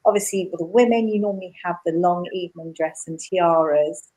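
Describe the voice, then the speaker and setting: A woman's voice: fairly low pitch, a little fast, dark tone, rough recording. A woman presenting royal news in a chatty, enthusiastic way, speaking from a studio. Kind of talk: casual news chat.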